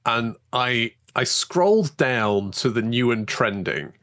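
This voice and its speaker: A man co-hosts a gaming podcast in casual chat. His pitch swings widely as he talks. He teases the others in an animated way. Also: slow pace. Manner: animated, teasing. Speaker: podcast co-host.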